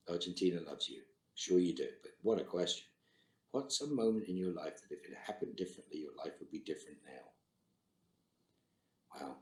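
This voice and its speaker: A middle-aged actor on a video-call fan Q&A reads out fans' questions and responds with dry, terse quips. His voice is low, dark-toned and animated, at a moderate pace with long pauses, and the sound has a roomy echo.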